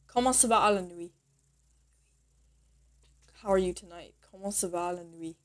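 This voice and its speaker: A woman's voice: lowish voice, steady tone, normal speed, pauses often. A young woman chatting casually in a vlog, teaching basic French phrases in a giggly, rambling, self-deprecating way.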